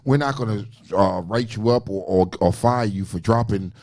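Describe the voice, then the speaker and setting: A man with a New York accent, co-hosting a casual talk show, telling stories in a profane, animated way with lots of restarts. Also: fairly low pitch, moderate pace. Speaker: co-host. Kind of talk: casual podcast chat.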